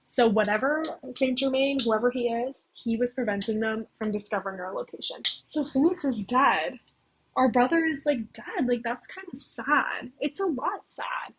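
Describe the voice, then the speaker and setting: A woman's voice: on the high side, moderate pace, husky, poor audio. A young woman casually recapping a game story on a cheap mic, chatty and full of filler words. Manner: chatty, leans heavily on "like" and "okay?".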